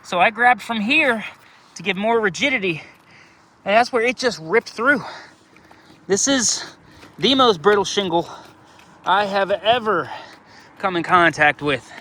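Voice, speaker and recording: A winded roofer talks through a damaged roof outdoors, his high voice bright and tense. He sounds fed up, pointing out each problem one by one as he catches his breath. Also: unhurried, pauses often, a little hiss or hum. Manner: exasperated, explaining step by step. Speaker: roofing contractor. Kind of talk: on-site inspection walkthrough.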